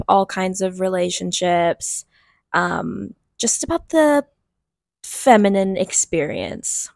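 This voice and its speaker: A woman's voice: medium pitch, dry recording. A young woman co-hosting a podcast in casual chat, upbeat and laughing often. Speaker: podcast co-host.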